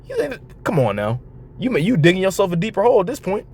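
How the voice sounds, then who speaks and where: A man with a somewhat high voice comments bluntly on a clip and swears freely. He reads scripture verses slowly and deliberately. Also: wildly swooping pitch, a little mellow, slightly rough. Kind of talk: reacting to a clip and quoting scripture.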